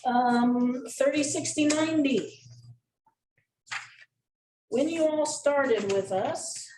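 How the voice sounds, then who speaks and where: A woman's voice: sits high, slow. Woman coaching a group, echoey room. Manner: animated, acts out gestures and voices. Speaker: sales coach. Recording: echoey room, mic far off, faint noise.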